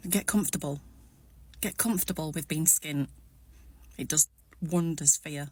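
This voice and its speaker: Rambling, reflective Englishwoman, lowish voice. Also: moderate pace, pauses often, a little mellow, slightly rough, no echo. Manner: rambling, reflective, steadying herself. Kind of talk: personal vlog monologue.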